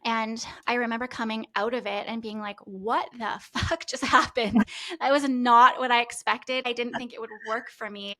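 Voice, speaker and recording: Earnest woman, narrow even pitch. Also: a little fast, few pauses. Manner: earnest, emotional, with restarts and laughs. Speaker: podcast host. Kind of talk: heartfelt conversational testimonial.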